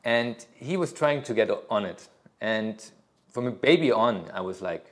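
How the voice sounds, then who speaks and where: A man's voice: on the low side, lively intonation, a little slow. A middle-aged man, a yoga teacher, talking casually at a studio workshop, rambling with many fillers and restarts.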